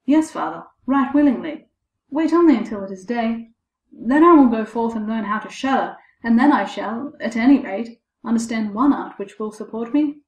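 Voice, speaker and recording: Fearless, simple youth, woman reader, loud and blunt, echoey. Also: a little high, expressive, moderate pace, natural voice. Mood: earnest. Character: fearless simple-minded young man, blunt and bold. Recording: echoey room.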